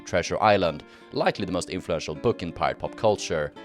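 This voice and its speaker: Low-voiced wry male history narrator. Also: fairly quick, faint music behind. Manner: casual, wry, with filler "uh"s. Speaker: history channel host. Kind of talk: explainer narration.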